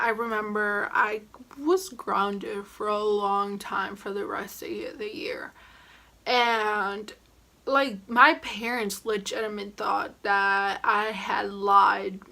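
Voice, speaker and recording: Bright-voiced young woman telling a story. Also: medium pitch. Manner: animated, slangy, drops to whispers. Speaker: vlogger. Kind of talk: storytime vlog.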